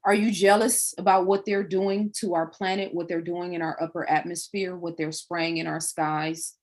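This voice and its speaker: A woman with a fairly low voice hosts a livestream, speaking straight to her viewers. She preaches in long runs of rhetorical questions. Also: flat delivery, moderate pace, a little mellow. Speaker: livestream host.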